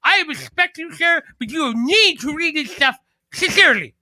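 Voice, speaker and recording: A man's voice: very high voice, big pitch swings, moderate pace, bright, forceful tone, no echo, voice pushed up, heavily acted. A man voicing a pompous male comic-book know-it-all who lectures with mock politeness. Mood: condescending.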